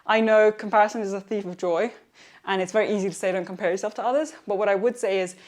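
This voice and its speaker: A woman's voice: medium pitch, fairly even intonation, quick pace, a little mellow. A young woman talking through her home workout in a casual vlog, chatty, upbeat and encouraging, with a self-teasing streak. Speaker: fitness vlogger. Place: home workout, partly outdoors.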